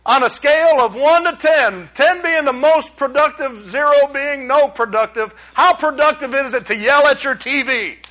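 A middle-aged pastor, preaching a sermon in a folksy, emphatic way that climbs into exclamations. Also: male voice, extremely high pitch, normal speed, hardly any pauses, bright, forceful tone.

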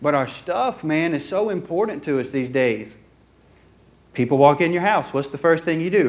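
A man's voice: fairly high pitch, expressive, normal speed. A man, preaching a folksy, joking sermon in church and acting out everyday dialogue. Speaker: pastor. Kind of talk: conversational sermon. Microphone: handheld or stand mic.

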